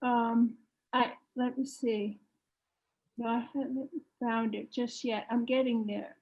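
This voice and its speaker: Slow, hesitant woman on a dull call. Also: on the high side, level tone, darkish tone. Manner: hesitant, many fillers and restarts. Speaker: workshop participant. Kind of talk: halting personal sharing.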